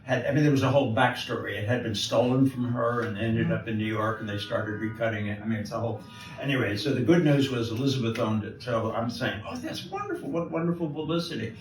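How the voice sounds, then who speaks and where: A man's voice: lowish voice, steady tone, quick pace, few pauses, soft background music. Older American man rambling through stories. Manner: rambling storyteller with many restarts and laughs. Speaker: guest jeweler. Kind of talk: telling anecdotes on stage. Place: live event before an audience. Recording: distant echoey room mic, live event.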